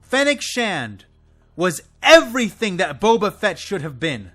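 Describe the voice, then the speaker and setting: Exasperated high-voiced man ranting. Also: very animated, a little slow, fairly bright tone, soft background music. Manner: exasperated, swearing, high and swooping. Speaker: video creator ranting about a show. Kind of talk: impassioned solo rant.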